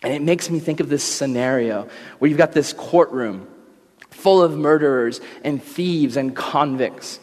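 A young man delivers a relaxed, storytelling sermon, jumping into quick character voices to make his points. His voice sits a bit high, and a long reverb trails behind each phrase. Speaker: preacher. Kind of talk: casual sermon with acted-out scenes.

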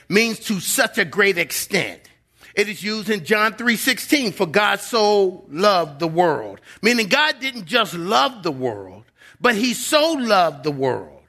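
Bright-voiced, emphatic male preacher. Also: high voice. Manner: earnest and emphatic, dropping to a soft voice for quotes; repeats words when building up a point. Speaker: guest pastor. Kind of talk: sermon.

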